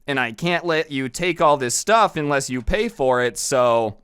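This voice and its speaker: A man voicing a young male cashier who speaks calmly and offhandedly to a difficult customer. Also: medium pitch, measured pace, smooth, no echo, clean studio sound. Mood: reasoning. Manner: calm, mild, offhand. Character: young male shop cashier, calm and easygoing.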